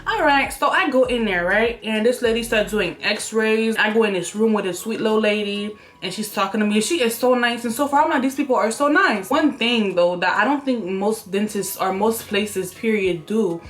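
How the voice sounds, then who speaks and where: A young woman telling viewers a story in a casual vlog at home, animated and chatty, acting out what people said to her. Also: on the high side, normal speed, few pauses, faint music behind. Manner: animated, talks straight to viewers, acts out quotes. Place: room at home by an open window.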